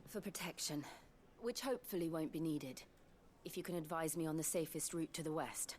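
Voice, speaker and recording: An actress playing a polite, soft-spoken young woman traveling in a game. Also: sits low, fairly quick, a little hiss or hum, lightly acted. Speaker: game character.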